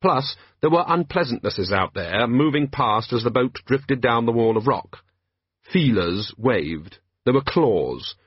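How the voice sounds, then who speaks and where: Husky male audiobook narrator. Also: medium pitch, expressive, a little slow, no echo, muffled recording.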